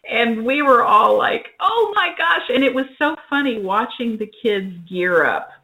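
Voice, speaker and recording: A woman co-hosting a casual parenting talk, telling animated stories about her kids and acting out what people said. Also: a little high, a little slow, rough recording. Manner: animated storyteller, acts out quotes.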